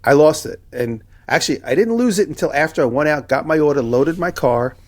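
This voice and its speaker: A man on a podcast telling a story in casual chat, animated and acting out the people in it. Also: fairly high pitch, brisk. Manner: animated anecdote telling, acting out both sides of quoted exchanges. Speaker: podcast co-host.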